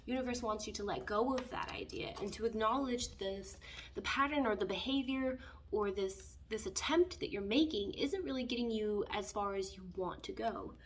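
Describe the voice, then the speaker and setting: A woman's voice: mid-range voice, moderate pace, far from the mic. A woman giving a casual tarot reading in a rambling, conversational way, full of fillers. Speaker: tarot reader.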